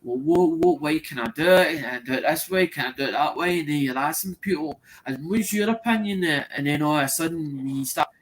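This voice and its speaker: A man's voice: on the high side, brisk, few pauses. A man chatting casually in a group, rambling and repeating himself, peppering his talk with "as in".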